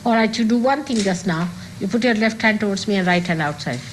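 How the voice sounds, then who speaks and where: A woman's voice: medium pitch, fast talker, slight background noise, rough recording. An older woman speaking as a spiritual teacher, giving an emphatic talk to an audience and repeating key phrases.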